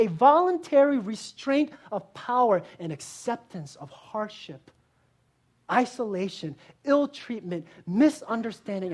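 A woman pastor giving a sermon, earnest, asking rhetorical questions and moving between strong emphasis and quiet, hushed lines. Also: a little high.

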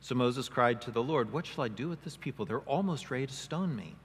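A male pastor preaching a sermon, expressive, often acting out quoted voices with rising emphasis. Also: medium pitch, brisk, husky. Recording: long hall reverb.

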